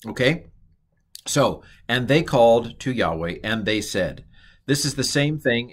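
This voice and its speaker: A man's voice: mid-range voice, a bit bright. A middle-aged man teaching a recorded Hebrew lesson, rambling and correcting himself, quizzing the listener with questions.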